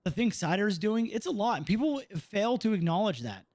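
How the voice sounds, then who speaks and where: A man's voice: high-pitched, sing-song, a little fast, a little mellow, no echo, clean studio sound. A young man streaming a roleplay game, venting out of character with heavy swearing, ending lines with "bro" and "dude".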